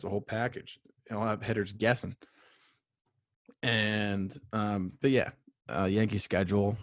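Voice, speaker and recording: A man's voice: low voice, dry recording. A young man hosting his own sports podcast alone, rambling casually with lots of fillers and wry asides about himself. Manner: rambling, filler-heavy, self-deprecating. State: out of breath. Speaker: solo sports podcast host. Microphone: USB microphone.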